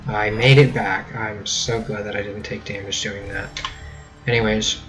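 A man's voice: on the low side, level tone, unhurried, music in the background, poor audio. A young American man casually commenting on his gameplay, joking and rambling, with a faint hum behind him. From United States. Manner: joking, rambling, mock-British catchphrases. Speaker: gameplay video host. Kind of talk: casual let's-play commentary.

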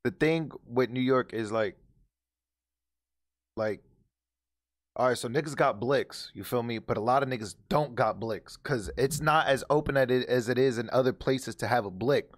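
A man's voice: mid-range voice, normal speed. Laid-back man chatting with his viewers. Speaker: streamer reacting to a clip. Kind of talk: casual reaction commentary.

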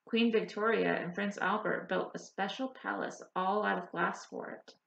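A woman's voice: medium pitch, fairly even intonation, moderate pace, vocal fry, fairly bright tone. A woman voicing an earnest young woman who longs to be an inventor, pleading and restless in an audiobook. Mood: eager. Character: eager young woman, anxious dreamer wanting to invent. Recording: roomy, slightly dull audiobook recording.

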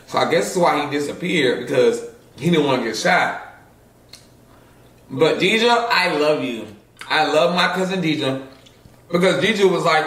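A man's voice: on the high side, a bit bright. A man telling a story with lots of animation and laughter, swearing and mimicking other people. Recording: echoey room, mic far off.

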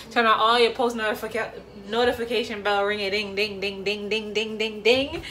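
A woman's voice: medium pitch, fairly bright tone. A woman hosting a cooking video, chatting casually with playful slang and joking asides. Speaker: cooking vlogger. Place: home kitchen. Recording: frying sizzle in background.

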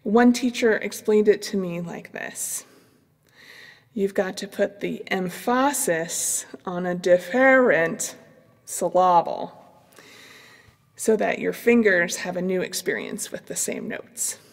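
A middle-aged woman, a clarinet professor, calmly explaining practice strategies in an instructional demonstration. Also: lowish voice, takes it slowly, long reverb tail. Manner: calm, explanatory, with fillers.

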